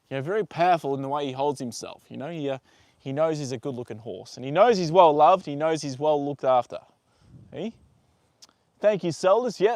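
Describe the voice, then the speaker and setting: A man hosting a live stream outdoors, his voice pitched a little higher than most men's. He rambles along in an easygoing way and reads out viewer comments, full of ums and uhs. The sound is dry and close, picked up by a phone on a tripod. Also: a little mellow, no room sound. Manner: rambling and easygoing, with many fillers. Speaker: livestream host. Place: outdoors with a horse.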